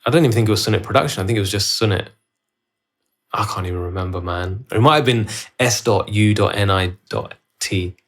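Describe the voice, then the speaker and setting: At home and filming himself, a man hosts his own podcast, telling a story in a casual solo format. His voice is on the low side and fairly bright, his pace brisk, and the story rambles loosely with many restarts.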